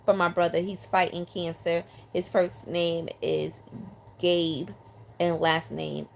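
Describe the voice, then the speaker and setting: A woman's voice: fairly low pitch, little pitch movement, slow, creaky, a little hiss or hum. An older woman, chatting on a live stream, reading out viewer comments with lots of ums. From New York City. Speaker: live streamer, line dance teacher. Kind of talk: casual live-stream chat. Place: home in South Carolina. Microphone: phone or handheld mic.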